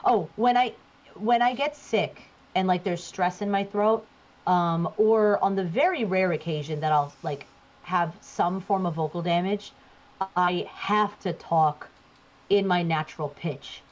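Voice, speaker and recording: This voice actor guest from New Jersey speaks unhurriedly at a fairly low pitch while she games and chats. Casual and talkative, she shifts her voice placement as a demonstration, and the audio is dull and lo-fi.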